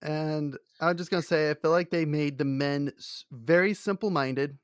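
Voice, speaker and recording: A man's voice: fairly high pitch, fairly even intonation, moderate pace, smooth, dry recording, studio quality. A man co-hosting a casual chat, talking in a rambling way with many fillers and restarts. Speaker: podcast co-host.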